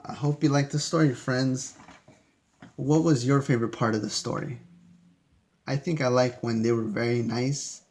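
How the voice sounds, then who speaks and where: A man's voice: mid-range voice, fairly even intonation, normal speed, pauses often, a little mellow. A man reading a picture book aloud to children, chatty and asking listeners questions between pages. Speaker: storyteller. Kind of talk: children's read-aloud storytime.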